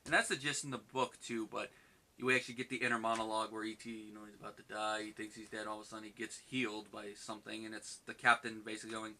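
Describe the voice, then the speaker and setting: Chatty man with a bright, forceful voice. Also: on the low side, little pitch movement. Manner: chatty, acts out quoted lines in quick bursts; loose and rambling with fillers. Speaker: book reviewer. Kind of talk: casual spoken book review.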